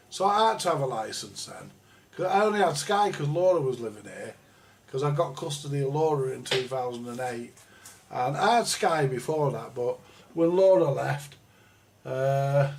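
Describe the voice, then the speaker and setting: Bloke from round ranting on his live stream, swears loads, bit higher voice. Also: darkish tone. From England. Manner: sweary, rambling, blunt. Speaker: livestream host. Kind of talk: casual ranting chat. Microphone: live stream microphone.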